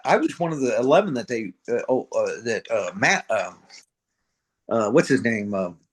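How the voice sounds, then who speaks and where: A middle-aged retired Marine sergeant major from middle America, telling war stories in a blunt, profane way and acting out the dialogue. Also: male voice, mid-range voice, sing-song, normal speed. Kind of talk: casual storytelling interview.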